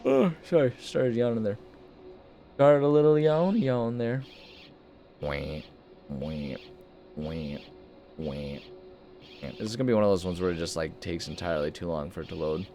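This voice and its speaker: A man's voice: lowish voice, moderate pace, mellow, faint music behind. A young man giving casual, rambling commentary over a video game he is playing, joking and talking to himself. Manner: rambling, jokey, self-mocking asides. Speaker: gaming video host. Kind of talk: casual let's-play commentary.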